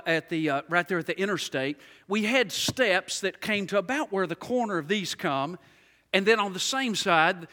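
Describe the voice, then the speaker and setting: Male pastor, sermon delivery with loud peaks and hushed lows; bright tone, long church reverb. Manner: preaching with rising shouts and quiet hushed passages. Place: large church sanctuary. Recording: reverberant hall.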